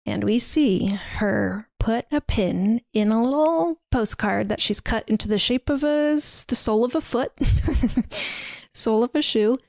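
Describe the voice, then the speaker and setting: A woman with a fairly high, creaky, darkish voice speaks unhurriedly, with no room sound. As a podcast co-host at her recording setup, she recaps in casual chat, rambling and filling her storytelling with "like" and "um."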